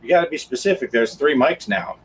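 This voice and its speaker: A man's voice: medium pitch, sing-song, fairly quick, a little hiss or hum, poor audio. A man hosting a gaming podcast in casual chat, laid-back and teasing while he reads the chat. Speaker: podcast host reading chat.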